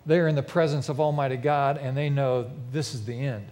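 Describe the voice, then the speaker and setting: A man's voice: mid-range voice, steady tone, a little fast, darkish tone. A man preaching a sermon in a large church with a mezzanine, telling a vivid, emphatic story to his congregation. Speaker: pastor. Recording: long reverb of a big church hall.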